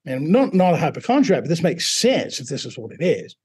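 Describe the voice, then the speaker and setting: Husky higher-voiced man telling a story. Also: brisk. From Mississippi, US. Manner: relaxed, anecdotal, self-deprecating. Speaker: teacher and guest. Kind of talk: personal storytelling interview.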